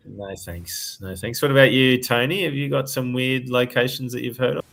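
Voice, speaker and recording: A man's voice: mid-range voice, normal speed, gravelly, a bit bright. Chatty man hosting a podcast. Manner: chatty, laughs easily. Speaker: podcast host. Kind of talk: casual chat.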